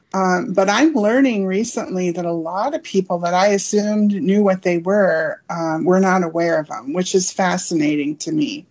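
A woman's voice: medium pitch, a little mellow. A woman interviewed as an author and collector, friendly and a bit hesitant, with frequent ums. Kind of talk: casual interview chat.

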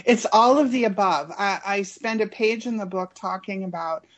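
A woman's voice: medium pitch, normal speed. A woman interviewed as an author and collector, friendly and a bit hesitant, with frequent ums. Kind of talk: casual interview chat.

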